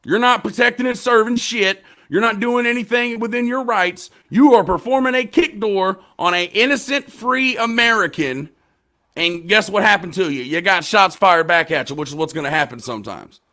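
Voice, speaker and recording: Bright-voiced guy ranting on a podcast, swears a lot, gets loud then drops low. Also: moderate pace. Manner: profane, impassioned, swings from low mumbles to loud rants. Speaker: podcast host. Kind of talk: heated casual discussion.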